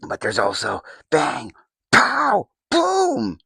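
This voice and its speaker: A man's voice: deep voice, lively intonation, a little slow, vocal fry, a bit bright, breathy edge, no echo, exaggerated voice. A man voicing a sly, scheming male trickster spirit in a comedic monologue, whispering conspiratorially and then boasting gleefully.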